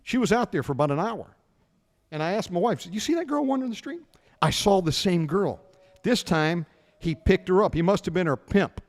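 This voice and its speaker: A man's voice: high voice, normal speed, in a large hall. A middle-aged American man hosting a radio show, telling stories in a casual chat and acting out the dialogue. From United States. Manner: animated anecdote teller, acts out dialogue.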